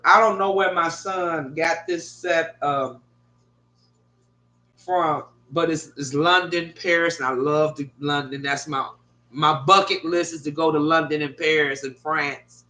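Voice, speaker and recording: Recording in an echoey bedroom at home, a middle-aged woman vlogger spins a meandering, profanity-laced tale for her audience. She sounds lively, bright and forceful, with a low-pitched voice.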